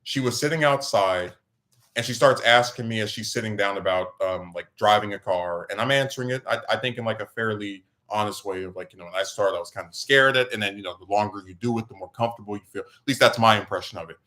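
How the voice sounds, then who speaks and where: A man's voice: on the low side, fast. A man hosting a podcast, telling a rambling story in casual chat, with his voice jumping up when he gets worked up. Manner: rambling, animated, voice jumps up when excited. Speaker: podcast host.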